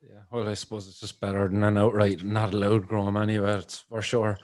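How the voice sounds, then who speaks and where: A man hosting a casual podcast chat, his voice on the low side. He sounds relaxed and musing as he asks questions. The recording is dry and close. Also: brisk, no room sound. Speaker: podcast host.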